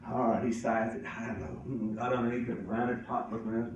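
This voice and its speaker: A man's voice: mid-range voice, flat delivery, fairly quick, hardly any pauses, highs cut off, a little hiss or hum. A man telling a folksy tale live, chuckling often as he goes. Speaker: storyteller. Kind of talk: live storytelling. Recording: echoey hall from far off.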